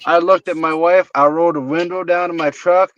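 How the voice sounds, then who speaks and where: A man's voice: on the high side, steady tone, fairly quick, a little hiss or hum. A man co-hosting a podcast, telling a laid-back, profane funny story about his truck and his wife. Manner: laid-back, swearing, amused. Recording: slightly muffled, dry.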